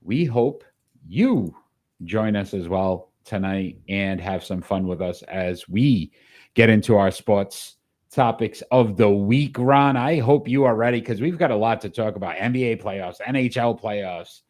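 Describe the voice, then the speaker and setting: A man hosting a weekly sports talk show. His voice sits on the low side, and he delivers with upbeat, announcer-style energy. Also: measured pace, darkish tone.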